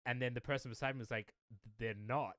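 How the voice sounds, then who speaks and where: A young man in casual chat, calm and thoughtful as he recalls something. His voice is mid-pitched and recorded dry and close. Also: fast talker, dry recording.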